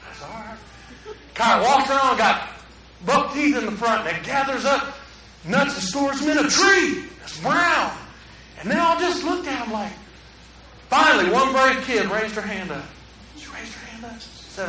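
Guy preaching, high bright voice, booming church echo, off mic a bit. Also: very animated, normal speed, recorded from a distance, a little hiss or hum. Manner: folksy storytelling, acts out quotes. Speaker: pastor. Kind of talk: sermon. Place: church sanctuary. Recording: echoey hall, preacher away from mic.

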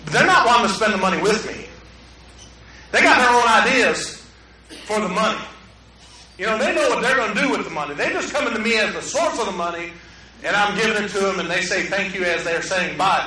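Guy preaching, high bright voice, booming church echo, off mic a bit. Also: big pitch swings, brisk, recorded from a distance. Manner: folksy storytelling, acts out quotes. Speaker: pastor. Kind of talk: sermon. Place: church sanctuary. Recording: echoey hall, preacher away from mic.

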